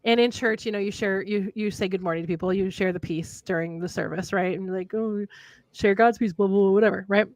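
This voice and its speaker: A woman's voice: medium pitch, a little fast, dry recording. A young woman hosting a casual livestream chat, telling stories with lots of laughter. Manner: animated storyteller, laughs often. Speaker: podcast host.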